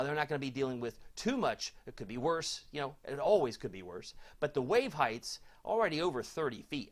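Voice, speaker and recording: A man delivers a live weather forecast, chatty and folksy, chatting with his viewers as he goes. His voice swings up and down with lively inflection, and he talks at a middle pitch. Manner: chatty, folksy, reads viewer comments aloud.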